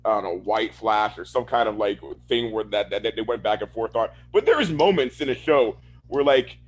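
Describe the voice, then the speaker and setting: Speaking fairly quickly in a lowish voice, this Florida man co-hosts a podcast. The talk is a casual chat where he rants, laughing and cursing plenty.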